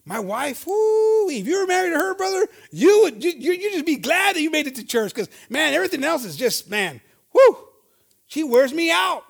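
A man putting on the voice of a weary married churchgoer who grumbles about his wife, loud and exclaiming. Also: very high voice, sing-song, moderate pace, vocal fry, pitched above the performer's own voice, full character voice. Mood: exasperated. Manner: exasperated, exclaiming.

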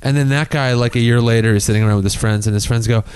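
A man's voice: mid-range voice, steady tone, racing, darkish tone, clean tone, no room sound. A man co-hosting a comedy podcast, riffing in casual chat, swearing freely and acting out bits. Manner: riffing, profane, acts out bits. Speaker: podcast co-host.

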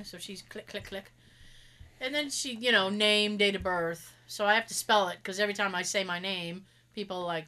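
A young woman with a medium-pitched voice, speaking at normal speed, casually recounts a funny anecdote. She is sarcastic and animated, acting out the quoted lines.

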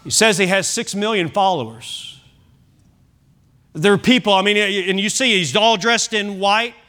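A man preaching a sermon as pastor, emphatic, with big swings in loudness and chatty asides and self-corrections. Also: high-pitched, unhurried.

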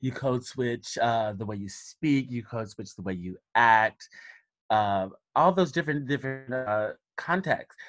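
A man's voice: mid-range voice, a little slow, a bit bright, no room sound. A man from Alabama with a light Southern accent, a podcast guest talking in a reflective, casual way with frequent restarts. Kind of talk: casual conversation.

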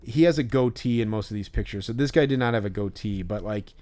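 A man's voice: fairly low pitch, quick pace, darkish tone. A man co-hosting a podcast, telling a story in a rambling, casual way with lots of fillers and restarts. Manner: mimics other fans in a raised voice. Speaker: podcast co-host. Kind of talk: casual chat.

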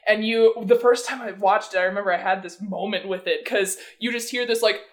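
A woman co-hosting a casual film podcast, talking excitedly with lots of swearing and fillers. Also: mid-range voice, brisk. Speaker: podcast co-host.

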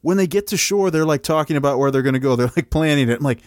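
A man's voice: a little high, fast, no room sound, studio quality. Man chiming in on a podcast. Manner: chiming in with agreement and wry asides. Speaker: podcast co-host. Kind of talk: casual movie recap chat.

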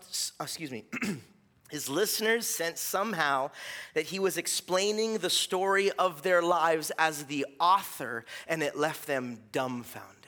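A male pastor preaching a sermon in a relaxed, conversational way, often restarting phrases and checking in with a "right?". His voice sits high for a man and sounds bright and forward.

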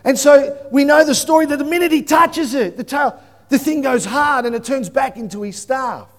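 Male preacher, lively storyteller who breaks into shouts; unusually high voice, long echo of a church hall. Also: moderate pace. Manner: animated storytelling, bursts into shouting. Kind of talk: sermon.

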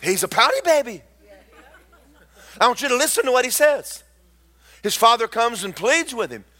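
A man preaching a lively, storytelling sermon with mocking asides to the congregation. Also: very high voice, normal speed, a faint crowd.

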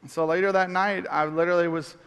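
Middle-aged male pastor, high bright voice, animated storytelling, long hall reverb. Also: quick pace, clear, resonant tone. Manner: animated storyteller, acts out shouts. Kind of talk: sermon storytelling.

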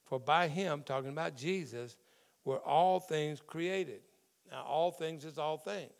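A middle-aged man preaching from the pulpit, his voice sitting a little higher than most men's. He talks the congregation through scripture in an easy, conversational way, stopping to unpack the Greek behind key words. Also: a little slow, vocal fry. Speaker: pastor. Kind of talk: sermon.

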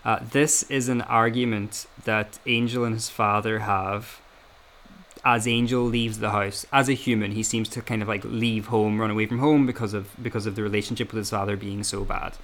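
A man's voice: lowish voice, little pitch movement, moderate pace, a bit bright. A man hosting a casual analytical chat, hesitant, with many fillers and restarts. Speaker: podcast host.

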